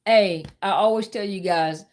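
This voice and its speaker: A woman's voice: mid-range voice, unhurried, darkish tone. A middle-aged woman, hosting a live talk and telling a personal story candidly, speaking straight to her viewers. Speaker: host.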